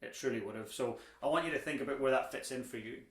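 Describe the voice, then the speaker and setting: A man's voice: medium pitch, fast talker. A young man teaching a drumming lesson, chatty and encouraging, with the odd dad joke. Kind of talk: instructional lesson. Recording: echoey room with clear background noise.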